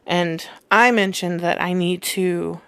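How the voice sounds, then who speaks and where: A woman's voice: fairly low pitch, fairly even intonation, takes it slowly, fairly bright tone, clean tone, no echo. A young woman hosting a podcast in casual chat, reading listener comments aloud and laughing often. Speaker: podcast host.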